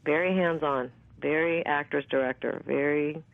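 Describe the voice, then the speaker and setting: A woman in her fifties, an actress, telling stories in a candid, animated way with plenty of fillers and the odd swear word. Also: deep voice, moderate pace, creaky, dry recording. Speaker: actress and interview guest. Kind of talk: casual storytelling interview. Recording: tinny dry phone line.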